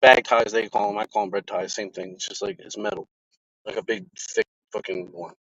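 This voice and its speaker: Guy vlogging in his car, swears a lot, tells it lively, dry kinda dull audio. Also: lowish voice, fairly quick, no room sound. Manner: profane, animated storyteller. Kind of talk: casual storytelling. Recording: dry, slightly dull sound.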